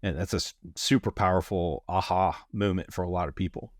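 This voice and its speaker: Very deep-voiced podcast host man. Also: no echo, clean studio sound. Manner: relaxed, quick short acknowledgements and easy laughs. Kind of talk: conversational podcast interview.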